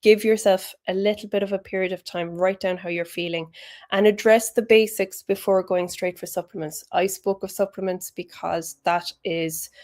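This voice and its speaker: A health educator with a medium-pitched, darkish voice gives a chatty, encouraging talk about health, sprinkled with British slang.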